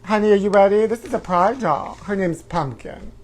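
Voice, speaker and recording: Playing a brassy, self-absorbed woman who hosts a tabloid talk show, a man delivers campy gossip in a comedic livestream character. He drawls, addresses everyone as honey, and whoops out sudden shrieks, using a natural, high-pitched voice at a moderate pace.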